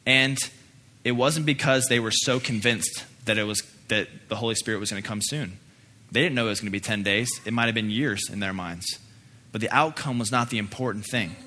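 Earnest young male pastor, low-pitched and bright-toned, preaching in a reverberant hall. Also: a little fast. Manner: earnest, with frequent emphatic repeats. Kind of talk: sermon with personal story and prayer. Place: church sanctuary. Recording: echoey hall, faint noise.

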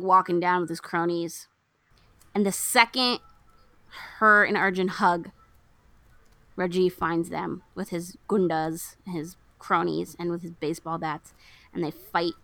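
Bright-voiced woman recapping a movie. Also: on the low side, measured pace, no room sound. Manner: animated storyteller acting out quotes. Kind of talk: casual movie recap chat.

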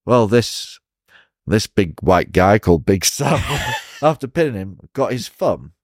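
A man with an English accent, a professional wrestler telling stories in a casual interview, animated and chuckling often. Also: lowish voice, a little slow, no room sound, clean studio sound. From England.

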